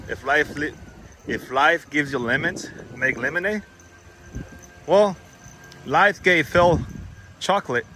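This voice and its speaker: Guy telling a long rambly story, voice a bit high, keeps correcting himself, bit of noise in the back. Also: sharp tone. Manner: rambling, self-correcting, quotes others in a raised voice. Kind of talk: casual storytelling.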